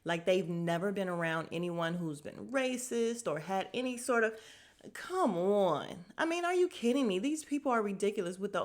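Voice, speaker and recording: A woman's voice: medium pitch, normal speed. Sassy woman recapping reality TV. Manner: animated, sassy, mocks people's quotes in put-on voices. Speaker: podcast host. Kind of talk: casual TV recap commentary.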